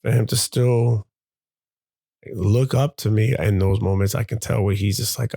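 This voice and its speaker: A man's voice: on the low side, fairly even intonation, a little slow, creaky, mellow, dry recording. A man, a father hosting his own show, speaking in a candid, confessional monologue that halts and repeats as he gathers his thoughts.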